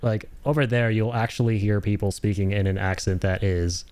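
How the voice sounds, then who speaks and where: Canadian streamer dude, lowish voice, rambly casual chat with lots of laughs. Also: male voice, steady tone, brisk, a little mellow, clean tone. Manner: rambling, chatty, laughs often. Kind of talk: casual commentary over gameplay.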